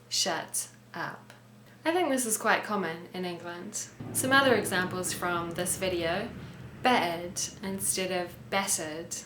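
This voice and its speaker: A woman's voice: mid-range voice, fairly bright tone, reverberant, slight background noise. A woman with a New Zealand accent explaining English words and pronunciation in a casual lesson. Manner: clear, explanatory, modelling pronunciation. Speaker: English teacher and host.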